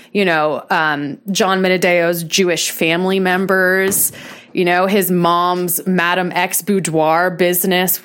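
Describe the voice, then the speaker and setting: A woman's voice: lowish voice, a bit bright. A young adult woman hosting a talk show, talking in a sarcastic, mocking way and rambling with lots of fillers. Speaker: show host. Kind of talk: casual podcast monologue.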